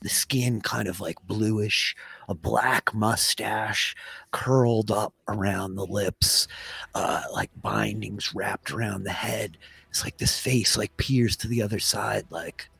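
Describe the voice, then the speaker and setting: A man's voice: fairly low pitch, steady tone, takes it slowly, creaky, a bit bright, breathy edge, no echo. A man narrating as Dungeon Master of a tabletop game, in a casual way full of filler words while he describes scenes.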